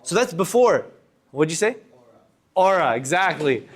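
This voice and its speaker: A young man with a fairly high voice leads a speaking workshop in front of a live group. He is animated, swinging between loud and soft and stretching out his pauses to make a point. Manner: animated, varies loudness and pace for demonstration. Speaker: workshop instructor. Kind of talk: public speaking lesson to a student group. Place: room with a live audience.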